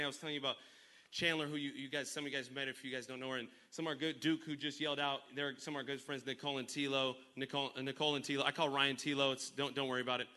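A young adult man preaching a lively sermon in a church, telling playful stories and calling for responses from the congregation, with sudden loud bursts. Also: a little high. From Northern California. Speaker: pastor. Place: church sanctuary.

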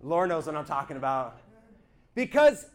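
Speaking in a high, sing-song voice at normal speed, a man earnestly and animatedly shares his church testimony with a small group. He keeps checking whether his listeners are following him.

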